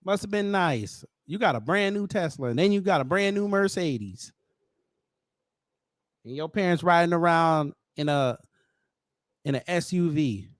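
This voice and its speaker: A man's voice: fairly high pitch, lively intonation, measured pace, pauses often, dry recording, studio quality. Blunt, mocking male commentary host. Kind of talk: casual commentary.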